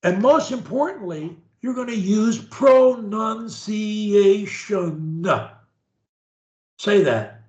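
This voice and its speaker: Male speech coach, high lively voice, slow and directive, roomy lo-fi recording. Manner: directive, models words slowly for repetition. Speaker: speech therapist. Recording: roomy, dull lo-fi sound.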